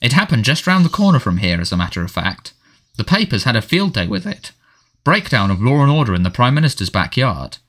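A man voicing an irritable middle-aged male prime minister who blusters with sharp, indignant outbursts. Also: medium pitch, big pitch swings, fairly quick.

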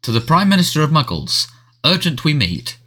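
A frog-like little man in a talking painting delivers crisp, decisive messages like a prepared statement, as a man puts him on in a storybook. The voice is pitched higher than the reader's own. It sounds bright and clipped. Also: big pitch swings, moderate pace, full character voice. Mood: formal.

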